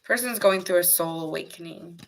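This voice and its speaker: A woman's voice: on the low side, brisk, rough recording. A woman giving a casual live tarot reading, chatting to viewers by name between cards. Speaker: tarot reader. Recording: steady background noise.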